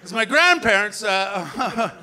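A man's voice: high voice, lively intonation, takes it slowly, pushed and bright. A man from Canada doing a rambling, sweary, self-mocking live stand-up set on a comedy club stage, recorded on a handheld mic.

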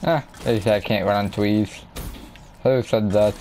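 A man giving live gameplay commentary, excitable and trash-talking, breaking into sudden yelps. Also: on the low side, unhurried, slight background noise. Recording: game gunfire behind voice.

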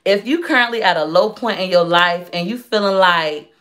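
A woman's voice: fairly low pitch, moderate pace, a bit bright. A woman, hosting a casual livestream for her shop and talking with feeling about her faith straight to viewers. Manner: emotional, faith-filled, talks straight to viewers. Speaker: livestream host and shop owner.

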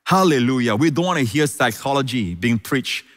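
Male pastor, mid-pitched voice, emphatic sermon with repeated phrases, long reverb of a large hall. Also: animated, moderate pace. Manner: emphatic preaching, repeats key phrases, calls out "Hallelujah".

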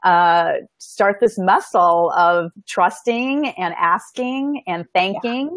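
A woman in a casual conversation, telling a personal story in an animated, earnest way and encouraging listeners on a spiritual path. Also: fairly low pitch, takes it slowly, dry recording. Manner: animated storyteller, acts out quoted voices. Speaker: medium and show host.

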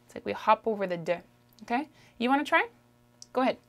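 A woman with a Canadian French accent teaching a French lesson, drawing out phrases slowly for the listener to repeat and checking in with "okay?". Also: fairly high pitch, expressive, a bit bright, soft background music. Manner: slow, drawn-out pronunciation drills, frequent "okay?" checks. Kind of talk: language lesson, modelling phrases for repetition.

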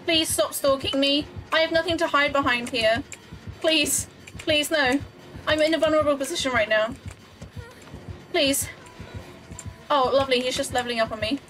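A woman streamer with a high-pitched, somewhat bright voice talks at a moderate pace, leaving long pauses, with faint music behind her. She casually chats with viewers as she plays, giggly and often flustered while talking to chat.

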